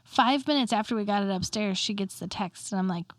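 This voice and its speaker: A woman's voice: medium pitch, fairly quick, dry recording. A woman co-hosting a podcast, chiming in and exclaiming in casual chat. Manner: reactive, exclaiming. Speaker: podcast co-host.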